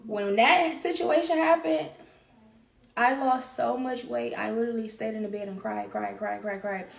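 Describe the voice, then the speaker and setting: A woman's voice: on the high side, moderate pace, creaky, recorded from a distance. A woman hosting her own podcast, talking candidly and at length about her feelings, repeating phrases for emphasis. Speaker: podcast host. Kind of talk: solo confessional podcast talk. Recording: roomy echo.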